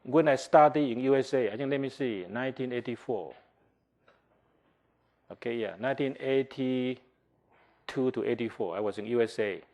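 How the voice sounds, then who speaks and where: Man, older, from taiwan, university lecturer, classroom lecture, animated, english. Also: mid-range voice, moderate pace, long pauses. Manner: animated, acts out customer reactions, asks the class questions; non-native English, simplified grammar. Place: lecture hall.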